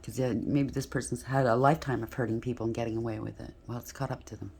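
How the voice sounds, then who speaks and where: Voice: mid-range voice, steady tone, fast, creaky, darkish tone. A tarot reader gives a casual reading aloud and talks straight to the listener, checking in over and over as the cards come up. The speaker trips over words at times and starts again. Faint noise sits under the voice. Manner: addresses the listener directly with frequent rhetorical checks; stumbles and restarts while talking.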